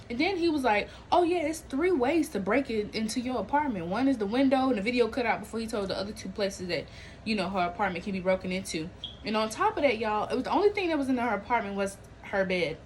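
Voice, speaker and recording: On a rough recording with a bit of hiss or hum, a podcast host with a fairly high voice speaks fairly quickly. Her chat about celebrity and viral news is lively and slangy, full of laughter and reenacted quotes.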